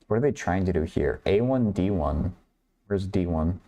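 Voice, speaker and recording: Man, low voice, mellow tone, casual math stream host, thinking out loud, chatty with chat. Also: animated, normal speed. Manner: thinking aloud, chatting with viewers, laughs often. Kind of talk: casual livestream problem-solving.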